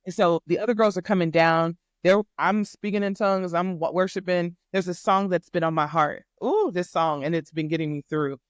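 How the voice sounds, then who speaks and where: A woman guest on a podcast, a life coach, telling a faith testimony in an animated, emphatic way and acting out the dialogue. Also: lowish voice, brisk, hardly any pauses, no room sound, studio quality. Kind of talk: faith testimony storytelling in casual chat.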